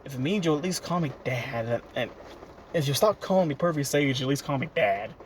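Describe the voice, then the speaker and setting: A man's voice: mid-range voice, animated, fairly quick, a little hiss or hum, natural voice. A man playing a lazy, scheming older ninja mentor. He coaxes and wheedles to get his way, in a loose, everyday voice. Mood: wheedling.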